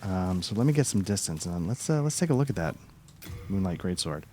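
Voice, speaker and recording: A man's voice: deep voice, sing-song, a little fast, mellow, slight background noise. A man giving casual gameplay commentary, thinking aloud and trailing off as he plays. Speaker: let's play gamer.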